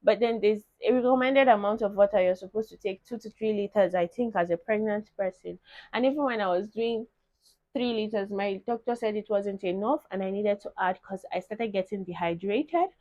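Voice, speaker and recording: Young woman vlogger, animated storyteller, mellow tone, dry lo-fi recording. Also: mid-range voice, moderate pace, no room sound. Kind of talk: casual chat to camera.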